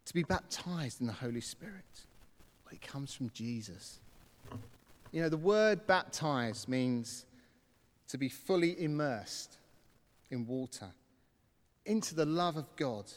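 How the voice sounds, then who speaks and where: A preacher tells his story from the pulpit, his voice high and swinging widely in pitch. He acts out his own past reactions as he goes. A long church reverb trails behind every phrase. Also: animated, slow pace, pauses often. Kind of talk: sermon with personal story.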